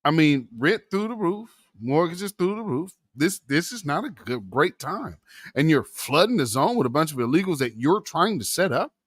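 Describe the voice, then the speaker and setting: A man with a high, bright voice that leaps all over as he speaks. He sounds impassioned and preachy, talking straight to his audience as family. His recording is dry and close, with no room sound. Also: very animated, moderate pace, slightly rough, no echo. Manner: impassioned, preachy, addresses viewers as family and brother. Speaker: commentary channel host. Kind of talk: political commentary vlog.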